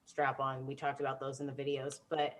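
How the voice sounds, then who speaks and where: A woman co-hosting a casual chat who laughs loudly and teases, then explains topics plainly. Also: very deep voice, monotone, brisk. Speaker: co-host.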